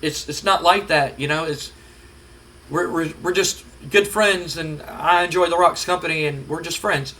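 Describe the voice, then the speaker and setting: A man's voice: a little high, steady tone, normal speed, sharp tone, a little hiss or hum, poor audio. A man voicing a young woman who is an apologetic, pleading daughter, speaking with a stammer. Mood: defensive. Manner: stammering, hesitant.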